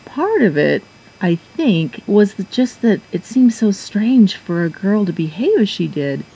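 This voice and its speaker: Female audiobook narrator, mellow and slightly husky, unhurried intimate first-person read. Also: medium pitch, big pitch swings, rough recording.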